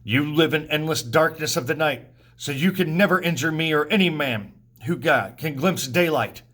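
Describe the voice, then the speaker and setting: A man's voice: a little high, normal speed, sharp tone. A man reading the part of a proud, angry king aloud in a scornful, accusing way.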